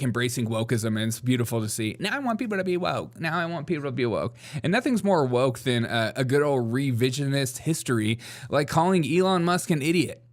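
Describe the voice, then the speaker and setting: A man hosting a political comedy show, talking sarcastically and laughing at his own jokes. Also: medium pitch. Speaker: host.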